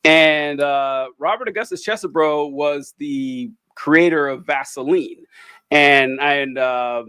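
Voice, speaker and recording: A man hosting a casual chat, telling animated stories and laughing often. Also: on the high side, slow pace, clean tone, dry recording. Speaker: host.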